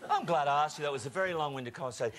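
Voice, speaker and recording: A man hosting a studio cooking game show, teasing his guests in lively banter. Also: a little high, rapid-fire. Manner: jokey, teasing. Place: television studio with live audience. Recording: noisy studio with audience.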